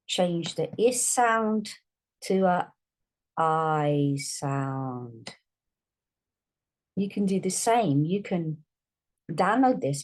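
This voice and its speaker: Slow patient woman teaching phonics. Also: lowish voice, darkish tone. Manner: slow, drawn-out sounding out of words. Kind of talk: phonics lesson.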